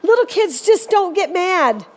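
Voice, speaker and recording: A woman's voice: very high voice, expressive, a little slow, a little mellow. A woman preacher giving a sermon in a church, speaking earnestly and urging her listeners on. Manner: earnest, exhorting.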